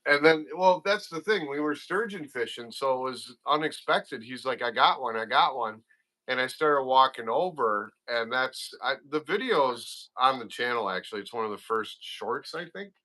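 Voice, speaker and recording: A man chatting as an interview guest, telling fishing stories excitedly and acting out his own reactions. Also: mid-range voice, moderate pace, few pauses. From Wisconsin. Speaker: guest, father of a young angler. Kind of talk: casual chat, animated fishing stories.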